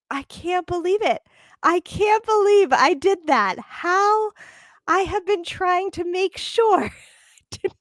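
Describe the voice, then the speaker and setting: Podcast host, woman, high voice, animated storyteller, dry close mic. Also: no echo. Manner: animated storytelling, laughing often. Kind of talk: casual chat.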